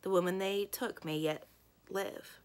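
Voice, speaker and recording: A woman reading the part of a serious young male page, speaking quietly and gravely. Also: mid-range voice, fairly even intonation, a little slow, natural voice.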